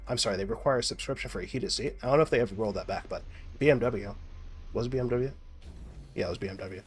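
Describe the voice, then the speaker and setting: Speaking quickly in a lowish voice against slight background noise, a young male streamer curses and wanders through his gameplay commentary. His talk is full of restarts.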